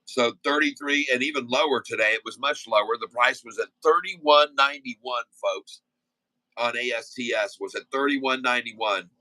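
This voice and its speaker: A man's voice: medium pitch, pushed and bright, dry recording, low-quality recording. A man hosting a casual day-trading livestream, chatting in a folksy, rambling way full of fillers, asides and stock calls. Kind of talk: casual live-stream chat and stock commentary.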